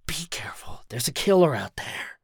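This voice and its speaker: A man's voice: mid-range voice, very animated, normal speed, slightly rough, no echo. Guy reading as a jumpy killer, hissy whisper, super dry sound. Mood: tense whisper. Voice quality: hissed whisper. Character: nervous male killer, whispering and hushed.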